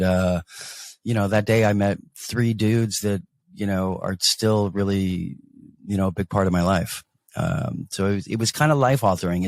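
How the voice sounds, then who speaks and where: A man's voice: sits low, no room sound. A middle-aged man, a podcast co-host, telling a personal story in a rambling casual way, full of fillers and acted-out quotes. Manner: rambling, full of "you know" and "like"; acts out quoted dialogue in changed voices.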